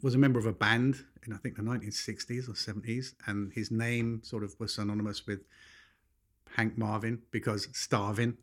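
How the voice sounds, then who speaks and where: A man, co-hosting a casual podcast chat, explaining things in a chatty way and quick to laugh. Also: lowish voice, flat delivery. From England. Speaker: podcast co-host.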